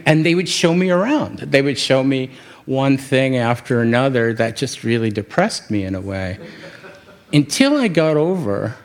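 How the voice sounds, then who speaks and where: A man from New York City telling a reflective personal story, often halting and restarting his words and chuckling at himself. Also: medium pitch. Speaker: speaker sharing a personal story.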